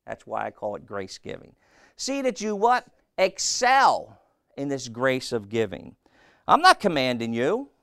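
Blunt, gravelly-voiced preacher man. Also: medium pitch, huge pitch swings, unhurried, a bit bright, no room sound, studio quality. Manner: blunt, folksy, asks the congregation questions. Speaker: pastor. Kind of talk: sermon.

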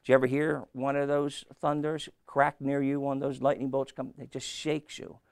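A man's voice: medium pitch, flat delivery, vocal fry, darkish tone, clean tone, no room sound, studio quality. A man preaching a sermon, asking his congregation questions and answering them himself. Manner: slow, call-and-response questions to the congregation.

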